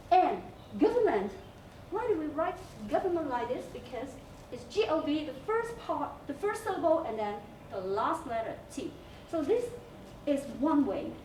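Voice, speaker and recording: High, lively woman teacher from afar. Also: recorded from a distance. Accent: Hong Kong English. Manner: explains step by step, spells out letters, many fillers. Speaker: English teacher. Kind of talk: recorded class lesson on campus TV. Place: school room. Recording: echoey room, off-mic, faint hiss.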